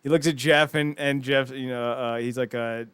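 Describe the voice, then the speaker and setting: A man recaps a TV episode for his podcast co-host, stumbling through restarts and acting out quoted lines. His voice sits at an ordinary pitch. The sound is dry and close. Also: moderate pace, clean tone, no room sound. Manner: rambling, animated retelling with restarts and quoted lines. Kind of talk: casual chat recapping a TV episode.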